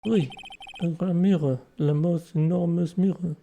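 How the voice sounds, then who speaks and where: A man's voice: on the high side, very slow, mellow, slight background noise. A man voicing a flamboyant middle-aged male French head chef in a hammy mock French accent, sprinkling in French words. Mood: theatrical.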